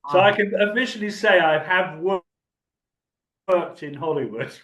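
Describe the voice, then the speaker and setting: Older actor guest, rambling anecdotes, slightly higher voice, echoey room. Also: male voice, moderate pace, bright, forceful tone. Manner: chatty, rambling, laughs often. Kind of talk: anecdotal storytelling.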